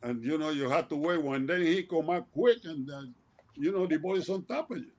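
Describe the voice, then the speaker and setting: Older male guest, high-ish voice, animated laughing storyteller. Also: fairly quick. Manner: animated, laughing, acts out remembered exchanges with raised voice. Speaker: guest, retired baseball player. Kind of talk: casual storytelling on a talk show.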